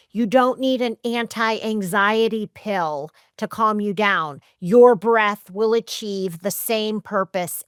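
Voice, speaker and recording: A middle-aged woman hosting a podcast, talking in a lively, chatty and emphatic way and acting out her own thoughts. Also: mid-range voice, smooth, no room sound, clean studio sound. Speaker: podcast host. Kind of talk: casual podcast chat.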